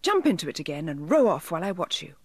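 A woman's voice: low-pitched, sing-song, fast, slightly rough, no room sound, full character voice. A woman voicing a kind, polite little boy who speaks earnestly, in a storybook reading. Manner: earnest and well-mannered.

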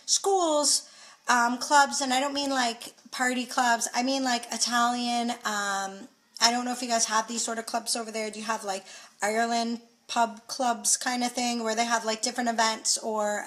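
A woman's voice: a little high, fairly bright tone, rough recording. Chatty woman talking into a phone. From Canada. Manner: chatty, lots of fillers. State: out of breath. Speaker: direct sales team leader. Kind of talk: casual live video chat.

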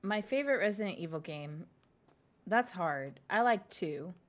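A woman's voice: lowish voice, lively intonation, a little slow. A young woman streaming a horror game live, scared and jumpy, whispering and then exclaiming as she plays and thanks her viewers.

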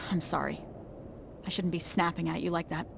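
A woman's voice: mid-range voice, a little slow, a little hiss or hum, close to an everyday voice. An actress playing a blunt, profane young female resistance soldier in a video game. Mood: subdued, grieving. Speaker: soldier, explosives specialist. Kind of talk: video game cutscene acting.

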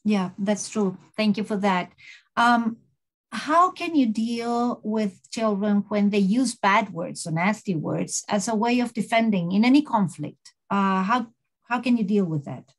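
A woman's voice: medium pitch, animated, measured pace. A woman interviewer asks questions over a video call, a little hesitant, with fillers.

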